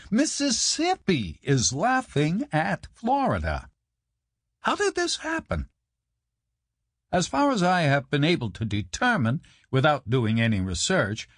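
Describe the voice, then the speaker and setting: A man reads a humorous nonfiction audiobook in a wry, deadpan way. His voice sits a touch higher than most men's and swings wildly up and down, jumping high on the punchlines. The studio sound is dry and close. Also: no echo. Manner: wry deadpan delivery with sudden jumps in pitch for punchlines. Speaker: audiobook narrator. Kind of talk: comic audiobook narration. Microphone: close studio mic.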